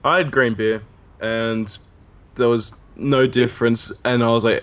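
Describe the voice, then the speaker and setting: A man's voice: lowish voice, steady tone, moderate pace, a bit bright. A man in casual podcast banter, telling rambling stories with jokey asides. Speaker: podcast co-host. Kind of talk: casual chat.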